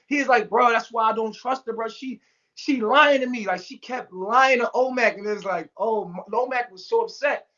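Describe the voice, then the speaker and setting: A man's voice: very high-pitched, moderate pace, bright, forceful tone, lo-fi sound. A man telling a story in casual talk, acting out every quote with big jumps in his voice and swearing freely. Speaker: storyteller guest. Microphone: remote call mic.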